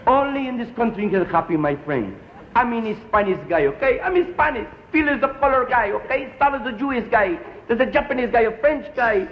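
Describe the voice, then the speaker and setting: A man's voice: very high voice, animated, fairly quick, roomy sound, background noise, voice pushed up. A man voicing a cocky teenage gang kid making an earnest speech in accented broken English, from a dull lo-fi 1950s television broadcast.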